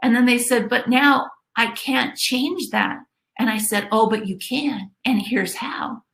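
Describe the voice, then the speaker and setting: A woman's voice: fairly high pitch, measured pace, gravelly, fairly bright tone, reverberant, low-quality recording. A woman life coach giving a motivational webinar talk, earnestly repeating key phrases for emphasis.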